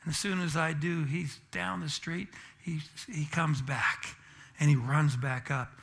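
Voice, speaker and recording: Slow, bright-voiced man preaching. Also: on the high side, steady tone, vocal fry. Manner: humorous, self-deprecating storytelling. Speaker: pastor. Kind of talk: sermon with personal storytelling. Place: church.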